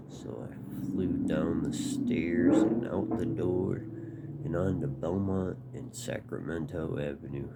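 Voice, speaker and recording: Guy telling a story, deep gravelly voice, kinda slow, noisy hiss behind. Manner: casual, swearing, acts out quotes. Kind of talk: personal storytelling.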